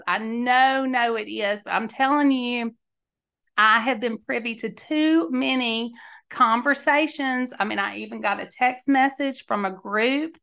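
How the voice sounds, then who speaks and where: A woman's voice: fairly high pitch, measured pace, creaky, bright, forceful tone. A woman, hosting a podcast and telling candid stories in a chatty, emphatic way. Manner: chatty, emphatic, laughs mid-sentence. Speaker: podcast host. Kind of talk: candid storytelling monologue.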